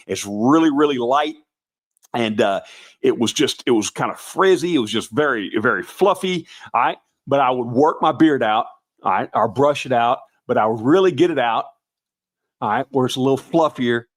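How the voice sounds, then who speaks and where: A middle-aged man with a slightly raspy voice chats casually to viewers on a live stream. He rambles in a folksy way, restarts his sentences and keeps calling people "brother" and "guys". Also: mid-range voice. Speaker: host of a Santa performer show.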